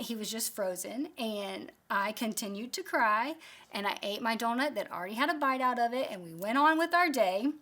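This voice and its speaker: A woman's voice: a little high, pushed and bright. A woman in her thirties teaching a Bible study, telling a candid, self-deprecating story from family life.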